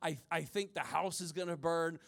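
A man's voice: on the high side, normal speed, creaky, fairly bright tone. A man in his forties, a pastor preaching a sermon to his congregation, telling stories with humorous asides. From rural Midwest of the US. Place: church before a congregation.

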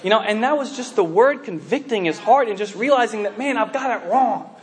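High-voiced man preaching a sermon. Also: brisk. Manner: animated storytelling with many fillers and restarts.

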